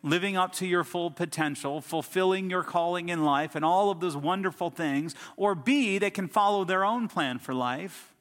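Man, pastor, sermon, bright tone, slightly high pitch, emphatic storytelling, reverberant church hall. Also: moderate pace, few pauses. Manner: storytelling preacher, emphatic lists and rising outbursts.

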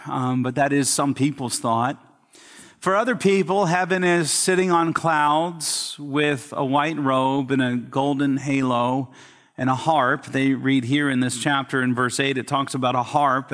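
A man preaching a sermon as pastor, talking conversationally to his congregation. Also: mid-range voice. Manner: conversational, tells jokes with animated character voices. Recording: long hall reverb.

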